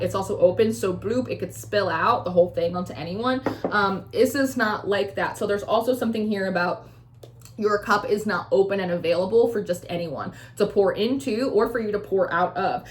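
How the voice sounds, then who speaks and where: A woman giving a casual tarot reading, talking loosely with lots of fillers and acting out feelings with animation. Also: medium pitch. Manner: chatty, many "like" fillers, swears freely; acts out the listener's feelings in a raised, animated voice. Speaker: tarot reader.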